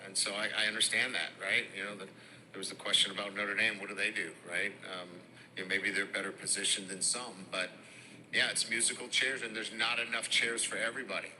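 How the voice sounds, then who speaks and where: A middle-aged man, a head football coach with a Boston and Midwestern accent, answering press conference questions in a halting way with many fillers. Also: fairly low pitch, little pitch movement, sharp tone, a little hiss or hum, rough recording. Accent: Boston and Midwestern with some Louisiana. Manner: halting, heavy on fillers and restarts.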